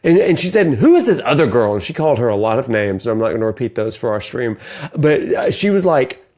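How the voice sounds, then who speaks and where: A man co-hosting a TV recap podcast, telling a family story in an animated way and laughing often. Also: medium pitch, fast. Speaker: podcast co-host. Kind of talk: casual chat.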